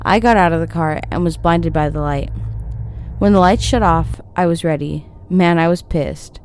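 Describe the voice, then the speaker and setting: A woman narrating a scripted scary story in a steady storytelling read. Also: lowish voice, normal speed, a little hiss or hum.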